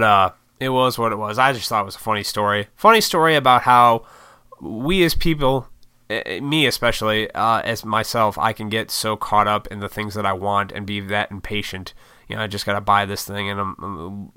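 His lowish voice keeps fairly even intonation at normal speed, bright, forceful, clear, and resonant, in clean studio sound with no room sound. The sleep-deprived vlogger casually tells a wandering, profane story on camera, poking fun at his impatience.

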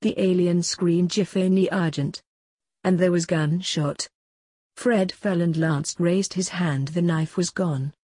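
A woman narrating a story aloud in an even, unhurried way, with a husky voice. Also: on the low side, no echo, clean studio sound. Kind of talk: storybook reading.

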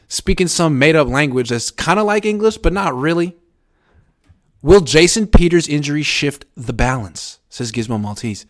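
A man with a fairly high, very lively voice talks sports on a casual live show. He is sarcastic and animated, and his pitch leaps up when he stresses a point. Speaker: sports show host reading viewer comments.

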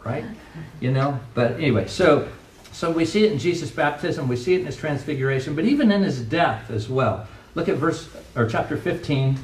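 A male pastor giving a conversational sermon, asking rhetorical questions and acting out quoted lines. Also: medium pitch. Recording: echoey room from far off, faint noise.

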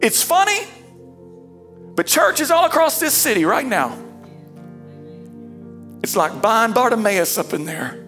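A pastor giving an emphatic, dramatic sermon, voice rising into fervent shouts. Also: medium pitch, very animated, measured pace, long pauses, faint music behind. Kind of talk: energetic sermon.

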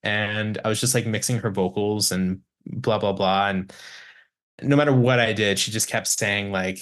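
A man tells stories from the recording studio in a loose, rambling way. He restarts his sentences often and swears a lot. His voice sits fairly low. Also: steady tone, moderate pace, a bit bright. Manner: rambling, many restarts, swears, mimics clients. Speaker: guest, recording engineer. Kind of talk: casual podcast chat, storytelling.

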